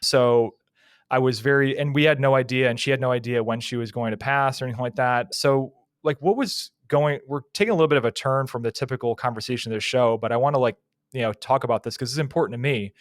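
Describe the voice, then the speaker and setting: A man's voice: mid-range voice, quick pace, no echo, studio quality. A young man hosting a podcast, asking questions casually with plenty of "like" and "you know". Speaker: podcast host. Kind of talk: interview questions.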